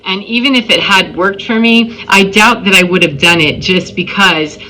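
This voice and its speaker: Bright-voiced woman in spiritual monologue. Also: medium pitch, moderate pace, low-quality recording. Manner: emphatic, storytelling with acted-out quotes. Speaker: spiritual vlogger. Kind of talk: casual monologue.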